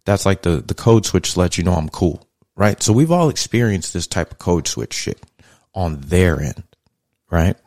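A man with a low voice and lively intonation hosts a podcast, delivering casual commentary as a blunt, profane, conversational monologue that grows more heated and louder. He speaks at normal speed, and the recording is dry with clean studio sound.

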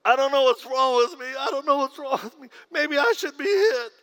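A man's voice: very high voice, animated, fairly quick, bright, forceful tone, a little hiss or hum, pitched above the performer's own voice, heavily acted. A man voicing a distraught, frantic young man who stammers and pleads.

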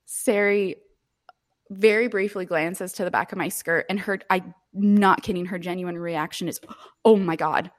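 A woman's voice: on the low side, moderate pace. A woman in her twenties co-hosting a podcast, telling a story in casual chat with frequent laughter and free swearing. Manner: animated, laughing often, swears freely. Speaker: podcast co-host.

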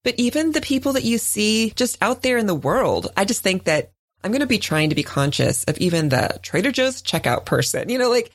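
A woman in her forties tells a personal story on a chat podcast. She talks in an easy, animated way and leaps much higher when she acts out what others said. Her voice is recorded close and dry, with no room sound. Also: fairly quick, no room sound. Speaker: podcast co-host. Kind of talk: casual chat.

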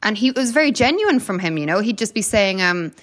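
A woman's voice: medium pitch, very animated, fast. Irish woman guest, thirties, chatty storyteller, laughs and fillers a lot. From Ireland. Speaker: guest, retired Olympic runner. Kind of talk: casual interview chat.

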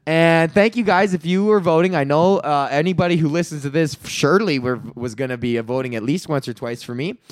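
A man's voice: on the high side, fairly quick, hardly any pauses, no room sound, studio quality. A man in his thirties, a comedian hosting his own podcast, ranting profanely with lots of rhetorical questions. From Canada. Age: 30s. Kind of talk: solo comedic rant.

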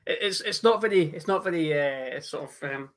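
A man's voice: on the high side, lively intonation, fairly quick, fairly bright tone. A man on a football podcast reciting a joke poem in a playful, mock-solemn way. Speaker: podcast co-host. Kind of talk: casual chat.

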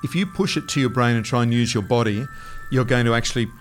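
A man's voice: medium pitch, fast, soft background music. A man explaining and coaching someone through a demonstration, patient and encouraging. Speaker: researcher demonstrating a brain-sensor game. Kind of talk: casual explanatory chat.

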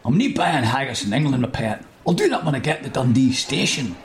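A man's voice: medium pitch, sing-song, a little fast, slight background noise, voice pushed down, natural voice. A man voicing a sheepish hero husband making excuses to his wife. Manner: placating, sheepish.

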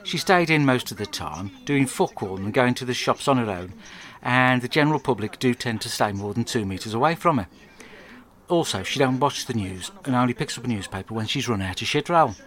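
A man with an English accent telling a crude comic diary monologue, rambling and deadpan. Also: medium pitch, brisk. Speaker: podcast host.

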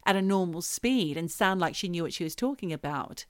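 A woman's voice: lowish voice, expressive, fairly quick, no echo, studio quality. A woman co-hosting a casual chat, recounting a case at length with some emphasis. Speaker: podcast co-host telling a story.

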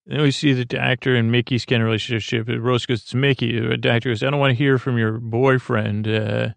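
Gravelly, halting man retelling a story. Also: level tone, dry recording. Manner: meandering, halting, full of ums and restarts; low-key, unhurried. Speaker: podcast host. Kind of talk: rambling bedtime retelling of a TV episode.

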